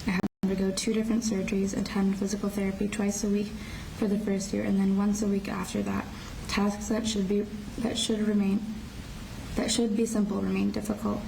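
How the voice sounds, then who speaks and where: A teenage girl reading her prepared statement in a courtroom, quiet and subdued, often stopping to restart phrases. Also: medium pitch, little pitch movement, a little fast, vocal fry. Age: teens. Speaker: shooting survivor giving a victim impact statement. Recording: distant courtroom audio with faint noise.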